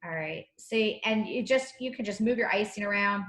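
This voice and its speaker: A woman leads a live online cookie decorating class, chatty and bubbly, with a slight cough. Her mid-range voice is fairly bright and moves at a normal speed, and the room sounds echoey.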